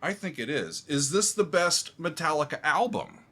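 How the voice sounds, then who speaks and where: A man who is a composer, giving music reaction commentary, excitable and humming along as he talks to viewers like friends. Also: on the high side, moderate pace.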